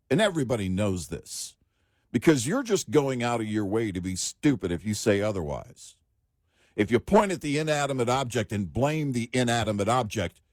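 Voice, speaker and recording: A man's voice: medium pitch, a little mellow, dry recording, studio quality. A man co-hosting a talk radio show, giving emphatic, opinionated commentary with some joking. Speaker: radio co-host.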